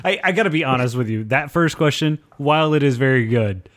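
A man's voice: medium pitch, animated, brisk, fairly bright tone. A man co-hosting a podcast, joking and swearing in casual banter. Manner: joking, laughs often, swears. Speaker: podcast co-host.

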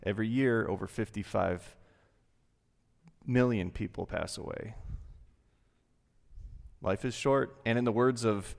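A male pastor giving a sermon in a church, speaking earnestly and conversationally with dramatic pauses. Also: fairly low pitch, creaky. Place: church sanctuary. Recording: long reverb from a large hall.

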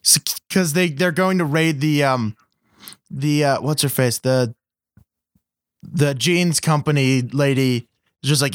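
A man's voice: on the high side, unhurried, pauses often, no echo, clean studio sound. A man co-hosting a podcast, chatting casually about a movie with sarcastic, profane jokes. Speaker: podcast co-host. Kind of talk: casual movie review chat.

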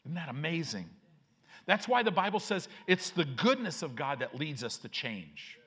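Pastor guy preaching, high voice, lots of ups and downs, takes his time. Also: breathy edge. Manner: lively preaching, slow emphatic phrasing, reads scripture aloud. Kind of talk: sermon.

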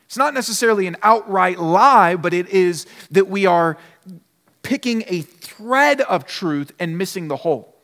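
A pastor delivering a sermon, his fairly high voice carrying through a church hall with a long, ringing reverb. He speaks earnestly and with emphasis, circling back to repeat key lines. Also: expressive, unhurried, fairly bright tone. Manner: earnest, emphatic preaching with repetition.

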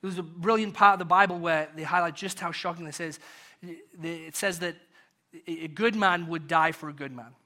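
A British man preaching a sermon to his congregation. He asks rhetorical questions and swings from loud to soft. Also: fairly high pitch, steady tone, moderate pace. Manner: rhetorical questions, builds and drops in volume. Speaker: pastor.

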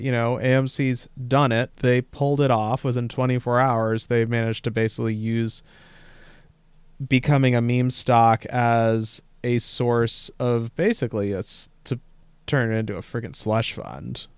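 A man's voice: medium pitch, steady tone, moderate pace, clean tone, no room sound. A man co-hosting a podcast, chatting casually and sardonically about the news and swearing freely. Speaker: podcast co-host. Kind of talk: casual news commentary chat.

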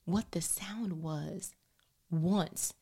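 Woman, casual storyteller, slightly low pitch, animated, frequent whispered asides. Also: drawn-out words, husky. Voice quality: drops into whispers often. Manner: animated, expressive, talks directly to listeners. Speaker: mother telling a story about her daughter.

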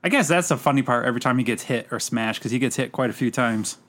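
A man co-hosting a casual movie review podcast, at a middle pitch. He talks haltingly, restarting his sentences and trailing off. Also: a bit bright. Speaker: podcast co-host.

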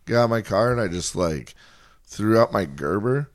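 A man's voice: fairly low pitch, normal speed, dry recording, studio quality. A man co-hosting a podcast, telling stories in casual, profane chat. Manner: profane, animated storyteller. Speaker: podcast co-host.

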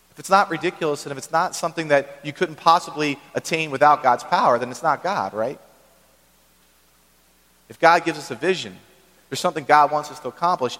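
A male pastor delivers a sermon in a relaxed, conversational way, often turning to the congregation with short asides. His voice sits slightly high for a man. The sound carries a long reverb from a large church hall. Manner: conversational preaching with frequent "right?" asides.

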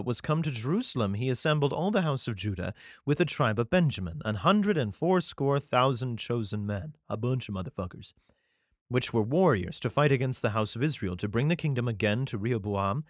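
A man reads archaic verses aloud, his voice rising and falling with lively swings of pitch. He keeps breaking off to mock the text in crude, irreverent asides, and now and then he trips over the old wording. The sound is close and dry, with no room around it. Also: no room sound. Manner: irreverent, profane interjections between archaic verses; stumbles and restarts while reading. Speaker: reader and commentator. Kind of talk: comedic scripture reading with asides.

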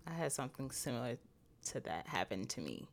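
Low-voiced woman, chatty with lots of "like". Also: fairly quick, vocal fry. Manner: talkative, many "like" fillers, animated retelling. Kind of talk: casual chat.

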